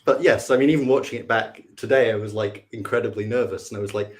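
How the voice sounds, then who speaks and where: A man's voice: on the low side, fast talker. Young man, earnest quiz contestant. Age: young adult. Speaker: student quiz contestant guest. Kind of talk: casual chat.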